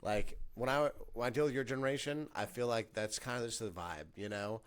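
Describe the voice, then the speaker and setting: A man's voice: medium pitch, fairly quick, clean tone. A man in his late twenties hosting a podcast, talking in a reflective, chatty way. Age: 20s. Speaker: podcast host. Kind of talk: casual chat.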